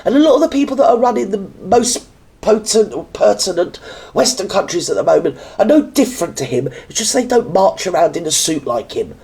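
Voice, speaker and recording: A woman's voice: medium pitch, animated, fairly quick, dark tone. A British woman hosting a reaction video, ranting with sarcasm and indignation and mocking others in put-on voices. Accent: British English. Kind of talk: ranting commentary. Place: indoors, standing.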